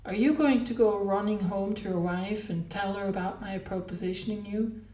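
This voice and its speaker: A woman reading a novel aloud, voicing a brash, volatile, flirtatious married woman who exclaims loudly. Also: medium pitch, normal speed, distant mic, natural voice. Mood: teasing, defiant. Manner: loud, exclaiming, mercurial. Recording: roomy, from the mic.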